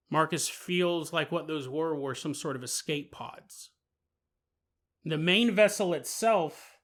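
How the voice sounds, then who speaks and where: Podcast host: bright, high-pitched man, animated storytelling. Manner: animated, laughs while telling.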